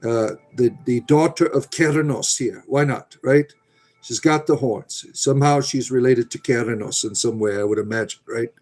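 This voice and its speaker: Man, middle-aged, livestream host, rambling casual chat, profane, quiet background music. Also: medium pitch, moderate pace. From Americas. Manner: rambling, frequent "right?" and filler "uh"; rants with profanity about a mechanic. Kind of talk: casual chat with live viewers.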